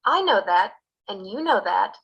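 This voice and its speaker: A woman's voice: mid-range voice, big pitch swings, moderate pace, creaky, husky, muffled recording, heavily acted. A woman voicing a young woman in a scripted textbook dialogue who sounds anxious. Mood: tense.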